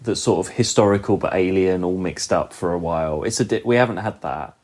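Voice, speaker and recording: A podcast co-host chatting casually about a TV episode, easygoing and quick to laugh. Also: low-pitched, darkish tone. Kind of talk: casual chat reviewing a TV episode. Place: recorded together in the same room.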